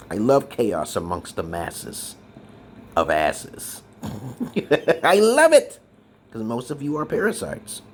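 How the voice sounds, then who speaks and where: A man of about fifty from Brooklyn, delivering a mocking, laugh-studded rant to his viewers that swings from loud outbursts to muttered asides. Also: mid-range voice, a little hiss or hum. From Brooklyn, New York. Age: around 50. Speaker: social media commentator. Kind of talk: ranting monologue to viewers.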